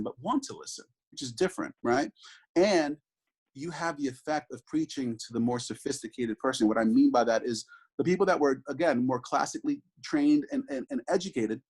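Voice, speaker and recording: A man's voice: mid-range voice, breathy edge, low-quality recording. A man in his thirties, a father, talking earnestly in an interview, reflective and full of restarts and asides. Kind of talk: conversational interview.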